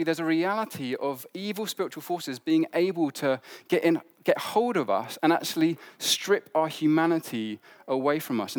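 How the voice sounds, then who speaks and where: Conversational man preaching. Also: a little high. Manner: conversational storytelling with asides and fillers. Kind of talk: sermon.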